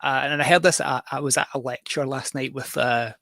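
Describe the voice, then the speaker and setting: A man's voice: medium pitch, fairly even intonation, a little fast, vocal fry, pushed and bright, no room sound. Rambling self-mocking Scottish man. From Scotland. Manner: rambling, self-deprecating, jokey. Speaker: livestream host and musician. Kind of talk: casual livestream chat.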